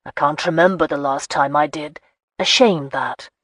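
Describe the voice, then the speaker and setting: A woman's voice: low voice, normal speed, fairly bright tone, no room sound. A woman voicing an aloof, guarded marquis with clipped, dry speech in an audiobook. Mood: brooding. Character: brooding aloof male marquis, teasing, guarded.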